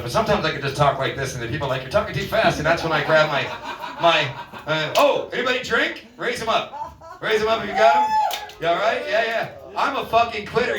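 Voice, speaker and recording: A man's voice: a little high, sharp tone. Profane, rambling stand-up comic, man. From Alaska. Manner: rambling, profane, self-mocking jokes. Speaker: open-mic comedian. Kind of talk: stand-up comedy set. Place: bar open-mic night. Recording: roomy bar sound from a distance.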